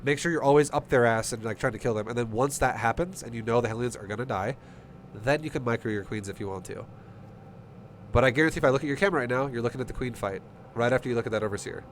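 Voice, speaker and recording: Speaking fast in a mid-range voice, this StarCraft coach walks a player through a replay on a casual stream while music plays beneath him and slight background noise creeps in. He's blunt and heated, cursing frequently, and has a runny nose.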